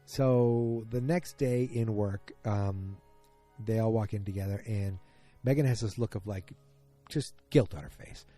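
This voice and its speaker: A man's voice: on the low side, a little slow, warm tone, faint music behind. A man hosting a casual solo podcast, retelling events in a rambling, self-correcting way. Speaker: podcast host.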